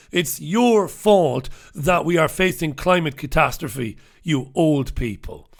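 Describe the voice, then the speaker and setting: A man's voice: high-pitched, vocal fry, full character voice. A man voicing a callous male establishment official who scorns the elderly, in a sneering, contemptuous rant.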